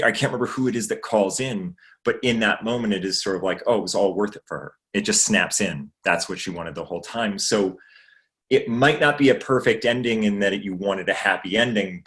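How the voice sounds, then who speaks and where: A guest actor from Maine, USA chats casually in a livestream Q&A, rambling with fillers and swearing freely. His voice is low and a bit bright.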